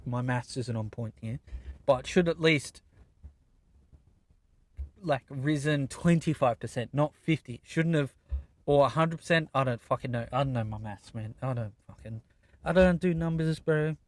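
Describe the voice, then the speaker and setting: A man's voice: medium pitch, unhurried, no room sound. A young Australian man in his twenties, hosting a podcast and ranting in a casual, profane way from inside a car. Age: 20s. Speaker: podcast host. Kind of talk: casual solo rant.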